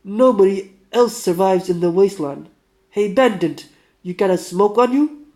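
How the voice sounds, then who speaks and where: A man voicing a bitter, sickly male metalworker under forty in a put-on Russian accent, loud and snappish. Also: high-pitched, moderate pace, pitched above the performer's own voice. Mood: hostile. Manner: snappish, raised, belligerent.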